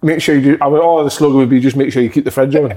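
A man's voice: medium pitch, steady tone, rapid-fire, warm tone. Rambling Scottish man in banter. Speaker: podcast co-host. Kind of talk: casual football banter.

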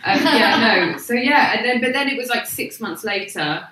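A woman's voice: fairly high pitch, animated, moderate pace, pushed and bright, reverberant, recorded from a distance, rough recording. A woman, a podcast guest who tells rambling, self-deprecating stories with lots of laughter. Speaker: podcast guest, comedic actress. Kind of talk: casual chat.

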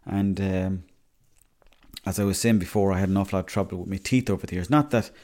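On his solo podcast, a young man from Ireland runs through his week fast, drifting from one story to the next and cursing freely. His slightly low voice sounds mellow and soft-edged in this chatty, casual monologue.

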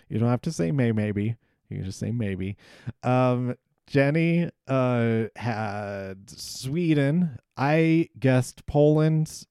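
A man's voice: mid-range voice, a little mellow, clear, resonant tone, no room sound, studio quality. A man hosting a podcast, recapping an episode in casual solo talk, rambling and hesitant with many ums and restarts. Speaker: podcast host.

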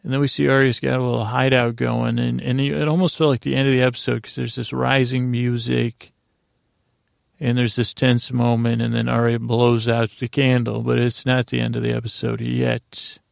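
A man's voice: mid-range voice, flat delivery, normal speed, vocal fry, no room sound, studio quality. A man hosting a podcast, casually recapping a TV episode from his notes, rambling with frequent restarts. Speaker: podcast host.

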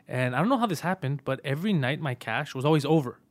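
A man's voice: on the high side, animated, fast talker. A man from Montreal, a comedian guest, telling a story in casual, profane chat and acting out the other people's voices. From Montreal, Canada.

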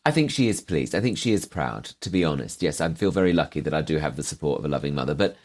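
A man's voice: a bass voice, big pitch swings, quick pace, darkish tone. A man, a comedian, chatting casually in a wry, self-deprecating way about growing up. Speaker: comedian guest. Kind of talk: casual chat.

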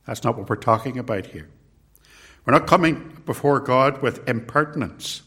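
An older man preaching a sermon, slow and measured, repeating key words for emphasis. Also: medium pitch, animated, a bit bright, breathy edge.

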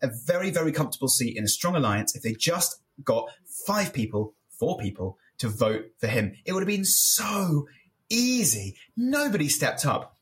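A man's voice: a little high, sing-song, moderate pace. A man co-hosting a casual reality TV podcast, mixing playful wordplay with analysis. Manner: jokey, wordplay-loving, analytical. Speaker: podcast co-host. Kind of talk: casual chat reviewing reality TV.

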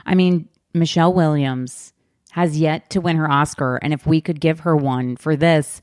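A woman hosting a podcast in casual, chatty conversation, animated and full of fillers. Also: deep voice, normal speed, no echo, clean studio sound. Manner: chatty, animated, heavy use of "like". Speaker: podcast host.

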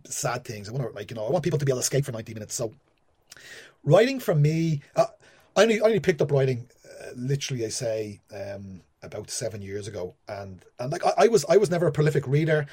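A man's voice: medium pitch, big pitch swings, fast talker, darkish tone, breathy edge. A young Irish man, a screenwriter, chatting in an interview and rambling with lots of "like" and "you know". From Ireland. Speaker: screenwriter guest. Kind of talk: casual interview chat.

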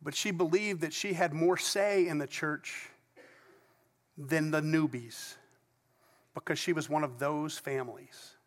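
A man's voice: a little high, steady tone, unhurried, pauses often. A middle-aged male pastor preaching a sermon to his congregation in conversational storytelling style, with asides. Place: church sanctuary before a congregation. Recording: long reverb of a large church hall.

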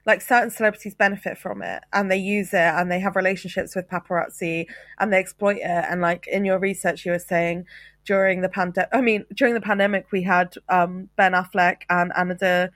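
A woman's voice: on the low side, fairly even intonation, fairly quick, a bit bright, no echo. Dry-sounding woman arguing her point. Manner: argumentative, pressing her point. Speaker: podcast co-host. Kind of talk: casual chat.

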